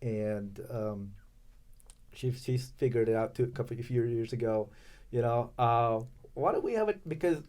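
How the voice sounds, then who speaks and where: Podcast guest: man from Los Angeles, mid-pitched, chatty and halting, leans on fillers. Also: darkish tone. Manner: halting, many fillers and restarts. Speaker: podcast guest, chamber of commerce president. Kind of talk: casual interview chat.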